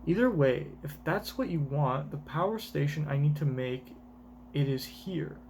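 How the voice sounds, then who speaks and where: A man's voice: fairly high pitch, animated, unhurried, darkish tone, a little hiss or hum. A man voicing a coy, scheming young woman scientist in a teasing, sing-song voice while reading a manga aloud in voices.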